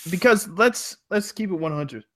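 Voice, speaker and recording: A man's voice: high-pitched, animated, normal speed, fairly bright tone. A man co-hosting a casual football podcast, arguing his points emphatically. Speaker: podcast co-host. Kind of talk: casual sports chat.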